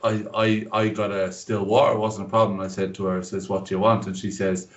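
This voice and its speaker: Co-host, anecdotal and laughing, dull lo-fi sound from off mic in an echoey room. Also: male voice, on the low side, little pitch movement, brisk. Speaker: podcast co-host. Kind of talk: casual storytelling chat. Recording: roomy, distant, dull mic.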